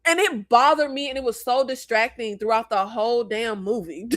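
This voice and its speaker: An American woman hosting a casual movie review chat, blunt and animated, with rambling asides. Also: fairly high pitch, normal speed. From United States. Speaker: host.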